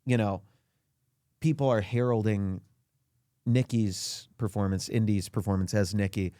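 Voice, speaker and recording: A man as a podcast guest in a comedic rant, indignant and self-pitying, his voice climbing high as he complains. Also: steady tone, measured pace, warm tone, no room sound, clean studio sound. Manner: indignant, whiny self-pity, voice climbs high when ranting. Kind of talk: comedic mock interview rant.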